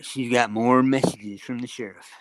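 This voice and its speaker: A man's voice: medium pitch, fairly even intonation, takes it slowly, gravelly, rough recording. A tired man chatting casually on a live online panel, rambling, swearing freely and laughing often. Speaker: panel guest.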